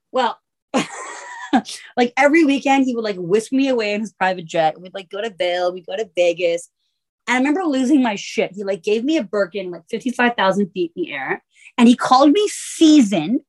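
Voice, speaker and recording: A woman co-hosting a podcast, telling a rambling, comic story in casual chat, full of "like" and swearing. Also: fairly high pitch. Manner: profane, filler-heavy valley-girl talk. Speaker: podcast co-host.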